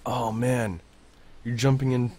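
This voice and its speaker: A man hosting a casual podcast, chatting in a relaxed way that often trails off. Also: mid-range voice, takes it slowly. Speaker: podcast host.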